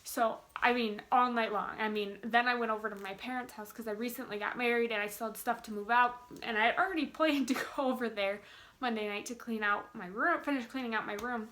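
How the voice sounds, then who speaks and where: Young woman, twenties, bubbly casual vlogger, bright tone, giddy and rambling. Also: fairly high pitch, fairly even intonation, brisk, a little hiss or hum. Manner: bubbly, gushing, many fillers. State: giddy with excitement. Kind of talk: casual chat to camera.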